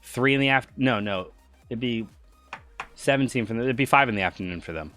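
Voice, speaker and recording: A woman's voice: a bass voice, a little fast, fairly bright tone, faint music behind. A woman from the United States running a tabletop game on a live stream, joking and teasing her players in casual chat. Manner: joking, teasing, self-deprecating. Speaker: game master.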